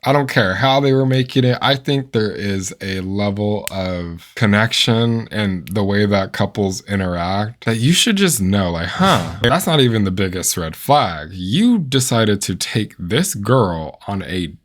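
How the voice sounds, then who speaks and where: A man hosting a comedic reaction video, talking in an animated, incredulous way and firing off rhetorical questions. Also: fairly low pitch, unhurried, few pauses. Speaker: host reacting to dating app voice notes.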